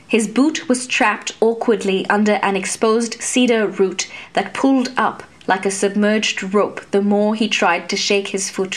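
A woman narrating a fantasy story in a steady, measured reading voice. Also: medium pitch. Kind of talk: scripted fiction narration.

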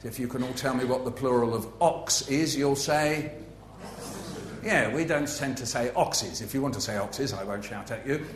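A man's voice: medium pitch, moderate pace. Playful man telling anecdotes in a roomy hall. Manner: playful, facetious, anecdotal, lots of asides. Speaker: author giving a talk. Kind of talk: humorous festival talk to a live audience. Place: festival venue with an audience.

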